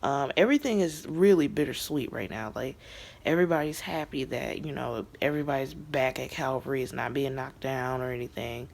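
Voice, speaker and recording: A young adult recaps a TV episode in a casual vlog as a show reviewer, talking in a chatty, emotional way with lots of fillers and some whispered asides. The voice is mid-range, gravelly, and a little fast.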